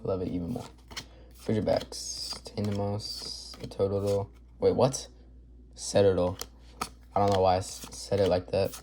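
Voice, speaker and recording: A man with a mellow, warm voice gives upbeat, chatty commentary while opening card packs. He rattles off names one after another in a casual way. There's a faint noise floor behind him. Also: deep voice, little pitch movement, moderate pace. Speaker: card collector video host.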